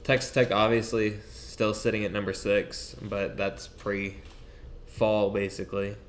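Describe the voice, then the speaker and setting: A young man with a fairly low voice co-hosts a casual sports podcast. He talks quickly and excitedly, and often trails off mid-sentence. A faint hiss sits under the recording. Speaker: podcast co-host.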